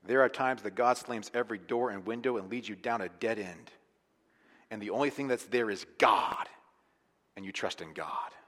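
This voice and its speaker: A man preaching a sermon as pastor, talking conversationally and with emphasis, sometimes falling to a quiet, intense tone. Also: on the low side, moderate pace, long reverb tail.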